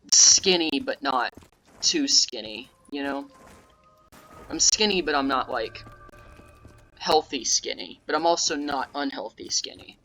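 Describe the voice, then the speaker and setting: A young man giving casual, rambling gameplay commentary that breaks into sudden yelling at the game. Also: mid-range voice, poor audio. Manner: rambling, offhand, with sudden yelled outbursts at the game. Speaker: gaming YouTuber.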